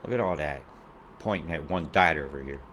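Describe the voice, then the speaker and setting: A man's voice: rumbling low, brisk, fairly bright tone, slight background noise. A man giving casual weather commentary over satellite images, rambling, profane and conspiratorial.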